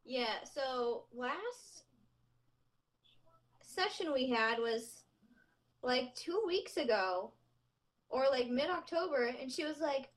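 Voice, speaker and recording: Young woman, podcast co-host, fairly high voice, giggly, self-mocking, casual chat. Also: lively intonation, takes it slowly, pauses often.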